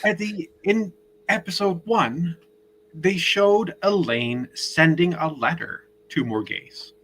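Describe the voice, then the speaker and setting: A man's voice: on the high side, takes it slowly, fairly bright tone, a little hiss or hum, low-quality recording. A man joining a casual podcast chat, laying out story details at length.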